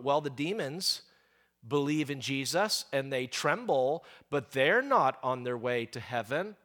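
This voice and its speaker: A man in his forties preaching a sermon, telling stories in a lively, joking and sarcastic way. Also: mid-range voice, measured pace. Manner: lively, conversational. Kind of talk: sermon with storytelling.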